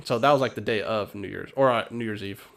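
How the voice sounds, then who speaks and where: A man's voice: on the low side, fast, vocal fry, a bit bright. A man co-hosting a podcast, chatting in a laid-back, rambling way. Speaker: podcast co-host. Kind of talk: casual chat.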